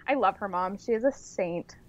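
A woman's voice: medium pitch, measured pace. A young woman co-hosting a podcast, chatting casually with wry, dry jokes. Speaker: podcast co-host. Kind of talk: casual chat. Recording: slightly dull lo-fi sound.

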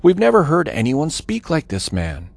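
A man's voice: a little high, huge pitch swings, normal speed, gravelly, dry recording, pitched above the performer's own voice, heavily acted. A man voicing awed temple guards. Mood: amazed.

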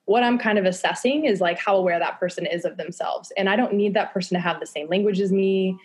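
A woman's voice: medium pitch, quick pace. A young woman talking candidly on a podcast, casual, with lots of fillers and swearing. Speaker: guest.

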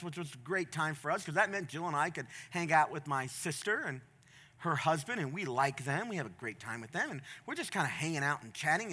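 Bright-voiced passionate male pastor preaching. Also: on the high side. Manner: passionate, swings from quiet storytelling to loud emphatic preaching. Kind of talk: sermon. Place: church stage.

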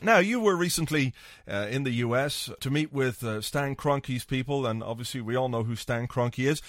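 A man's voice: mid-range voice, normal speed, dry recording, studio quality. A man hosting a football podcast, talking casually and with lots of swearing, slipping into voices to act out his points. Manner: sweary, animated, acts out voices for comic effect. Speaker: podcast host.

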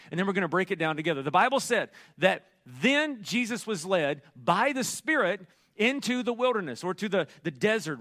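A middle-aged man preaching a sermon as pastor, telling a story in an animated, joking way. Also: sits high. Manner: storytelling, animated, jokey asides.

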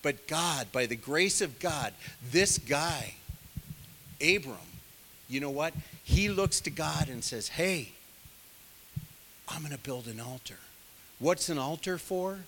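Bright-voiced man preaching casually. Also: on the high side, lively intonation, slow, pauses often, a little hiss or hum. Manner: conversational preaching with many asides. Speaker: pastor. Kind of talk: sermon.

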